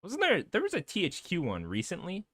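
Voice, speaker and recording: A man's voice: sits high, a little fast, slightly rough, dry recording, studio quality. A man co-hosting a podcast, chatting casually and telling stories with lots of laughter and swearing. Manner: animated, laughing, swearing storyteller. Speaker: podcast co-host. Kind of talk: casual chat.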